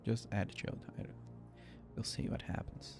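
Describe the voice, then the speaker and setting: A man from Brazil, sleepily rambling through casual gameplay stream commentary and cutting himself off mid-sentence. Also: normal speed. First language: Portuguese. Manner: rambling, self-interrupting, chatty. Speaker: game streamer. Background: faint game music.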